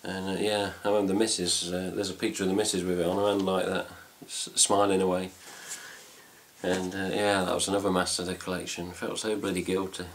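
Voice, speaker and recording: A man's voice: low-pitched, little pitch movement, fairly quick, a little hiss or hum. A man with an English accent chatting casually to camera about a trip, rambling with fillers and mild swearing. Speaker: fan site vlogger. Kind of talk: casual chat.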